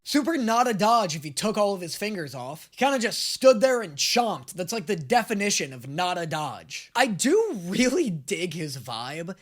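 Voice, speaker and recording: A young man giving casual, jokey and crude anime reaction commentary, getting excitable. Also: sits high, moderate pace, few pauses. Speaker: reaction video host.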